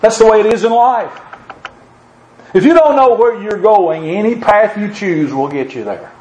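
A man's voice: high-pitched, lively intonation, normal speed, darkish tone, reverberant, a little hiss or hum, rough recording. A man preaching a sermon, quoting scripture with an emphatic, rising cadence.

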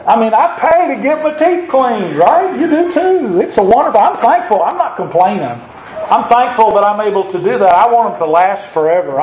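A man preaching a sermon, reading scripture slowly and then asking the congregation questions with a joke or two. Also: high voice, animated, a little mellow, reverberant, a little hiss or hum, low-quality recording. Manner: reads scripture slowly, then jokes and asks the crowd questions.

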